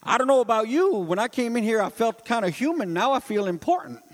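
A man with a high voice preaches a sermon in a church. He swings from loud, ringing climaxes down to hushed asides and asks the congregation rhetorical questions. A long reverb trails behind every phrase. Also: animated, a little fast. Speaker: pastor. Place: church sanctuary.

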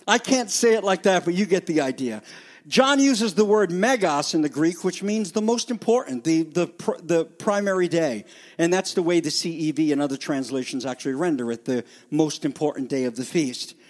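This is a male pastor with a high-pitched voice delivering a sermon. He's animated and playful, dropping into quiet asides and rising for emphasis. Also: moderate pace. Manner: animated, jokey, varies loudness for emphasis.

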